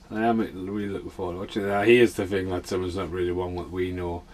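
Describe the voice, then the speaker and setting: A man's voice: low-pitched, level tone, a little fast, a little mellow, a little hiss or hum. A man casually chatting and swearing his way through a film commentary for his podcast. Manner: swears a lot, chatty and offhand.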